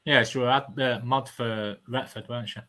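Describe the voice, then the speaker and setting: A man chatting casually, laid-back and quick to laugh. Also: mid-range voice, steady tone, pushed and bright, no echo. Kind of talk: casual chat.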